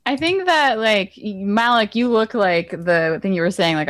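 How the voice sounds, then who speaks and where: A woman's voice: medium pitch, normal speed, no echo, clean studio sound. A woman talking as a player in a tabletop game, casual and blunt.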